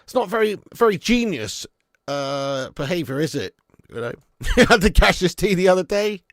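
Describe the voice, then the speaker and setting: A man hosts a loose fan livestream, answering chat with blunt, swearing banter and calling everyone mate. His voice sits a little high. The sound is close and dry, with no room around it. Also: expressive, moderate pace, dry recording. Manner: blunt, jokey, swears freely, calls viewers mate and lad. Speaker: fan channel host reading live chat.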